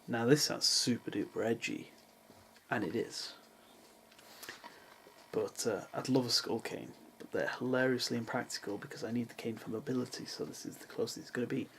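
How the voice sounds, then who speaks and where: Gravelly young man vlogging. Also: mid-range voice, fairly even intonation, moderate pace, a bit bright, a little hiss or hum, low-quality recording. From England. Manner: dry, self-mocking asides. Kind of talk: casual vlog chat. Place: parents' house in the countryside, with cats.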